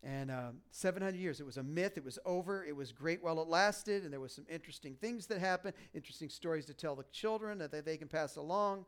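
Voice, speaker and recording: A man preaching a sermon with self-deprecating humor, acting out the lines he quotes. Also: a little high. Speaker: pastor.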